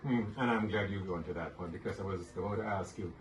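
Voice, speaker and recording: A male moderator with a low voice asks his guest questions and murmurs encouragement. The room echoes, and the mic sits well back. Clear background noise runs through the whole recording. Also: fast. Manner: encouraging, frequent affirming murmurs. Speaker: host and moderator. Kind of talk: interview questions. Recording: roomy, distant mic with noise.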